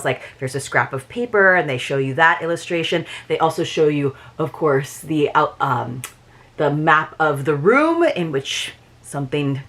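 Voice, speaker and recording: Chatty woman unboxing a book box, excited, kinda low voice. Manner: chatty and enthusiastic. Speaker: book subscription reviewer. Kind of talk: casual unboxing chat.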